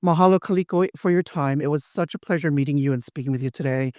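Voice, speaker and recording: Upbeat man interviewing a guest; a bit high-pitched, eager and effusive, dry mic. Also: fast, a little mellow, no room sound. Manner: enthusiastic, effusive, chatty. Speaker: interviewer host. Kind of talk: casual interview.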